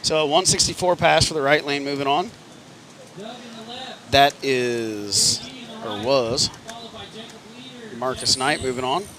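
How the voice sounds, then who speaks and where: A man's voice: mid-range voice, takes it slowly, long pauses, pushed and bright. A man giving easygoing, joking live commentary at a car race, often unsure of names.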